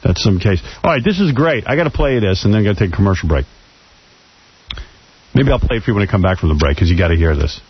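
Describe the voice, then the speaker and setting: A man's voice: lowish voice, expressive, fast talker, slightly rough. A male radio host, brash and teasing, running a call-in talk show. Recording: dull lo-fi radio audio.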